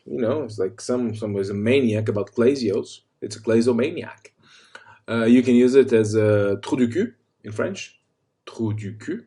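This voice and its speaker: A man's voice: mid-range voice, animated, moderate pace, warm tone. A man giving a playful, casual tutorial, rolling out foreign swear words with relish. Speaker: language tutor. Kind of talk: casual comic tutorial on insults.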